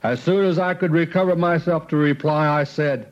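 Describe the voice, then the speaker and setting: A man reading a quoted speech aloud in a slow, deliberate, solemn way with emphatic pauses. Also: fairly high pitch. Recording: dull lo-fi recording.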